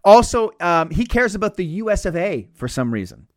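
A man's voice: sits high, sing-song, normal speed, no echo, studio quality. A man hosting a comedic podcast, talking in a sarcastic, profane, ranting way. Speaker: podcast host.

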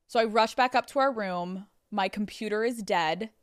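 Swearing, animated woman podcast host. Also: medium pitch, moderate pace, clear, resonant tone, no room sound, clean studio sound. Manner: animated, swearing, acting out quotes. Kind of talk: solo storytelling to listeners. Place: studio.

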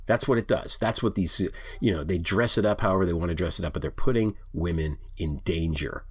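A man's voice: low-pitched, brisk, breathy edge. A middle-aged man hosting a podcast, ranting heatedly with lots of swearing, then chatting casually. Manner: heated, profane and animated. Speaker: podcast host. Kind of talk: ranting monologue and casual chat.

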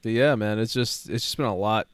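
A man's voice: lowish voice, fairly quick, clear, resonant tone. A man co-hosting a casual podcast who sounds tired, rambling and restarting his sentences. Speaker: podcast co-host.

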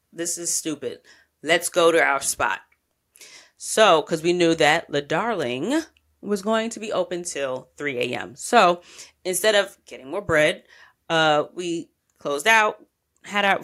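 A woman hosting a travel podcast, telling her trip stories in a casual, candid way, full of slang and swearing. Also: deep voice. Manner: candid, slangy, animated storytelling with profanity.

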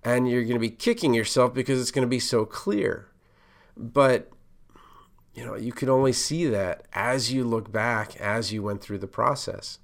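A man's voice: mid-range voice, moderate pace, gravelly. A man hosting a podcast, giving casual career advice in a conversational, loosely rambling way full of asides.

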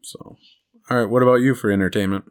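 A man's voice: medium pitch, fairly even intonation, fast. A man co-hosting a podcast in casual chat, rambling through stories and laughing at his own jokes. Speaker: podcast co-host.

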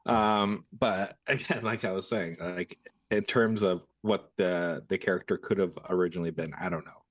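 A man's voice: low-pitched, steady tone, moderate pace. A man talking in a laid-back, profane, somewhat hesitant way in a casual film chat. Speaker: podcast co-host.

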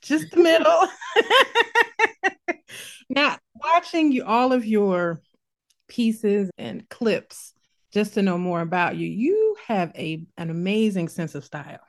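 A woman's voice: medium pitch, sing-song, takes it slowly, long pauses, fairly bright tone. A woman with a Midwestern accent hosting a casual interview over a video call, bubbly and laughing often. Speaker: interviewer, host.

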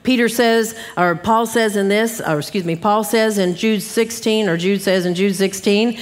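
A middle-aged woman Bible teacher giving an emphatic, animated sermon straight to her listeners. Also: medium pitch, moderate pace, hardly any pauses. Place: church hall at a live conference. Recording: live church hall with long reverb.

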